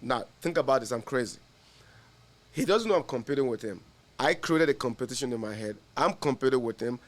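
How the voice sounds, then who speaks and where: A man's voice: medium pitch, lively intonation, brisk. A man, an insurance agent, telling stories in casual podcast conversation and laughing through his punchlines.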